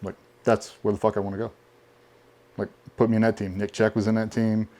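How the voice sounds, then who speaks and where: A man with a fairly low voice tells war stories in a relaxed interview, swearing freely. His delivery is animated and conversational, his words tumbling out as he leans into each story. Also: fairly quick. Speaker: podcast guest.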